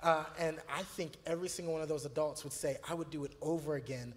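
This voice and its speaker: Earnest male youth pastor, slightly raised pitch, storytelling, recorded in a reverberant room. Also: quick pace. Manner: earnest, storytelling, many fillers and restarts. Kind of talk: church video conversation.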